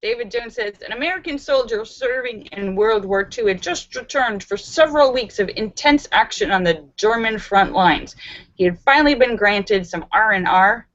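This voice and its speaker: A woman's voice: a little high, expressive, normal speed, fairly bright tone, no room sound. A woman hosting a live stream, reading out viewer jokes and laughing at the punchlines. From Los Angeles. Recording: dull, dry home recording.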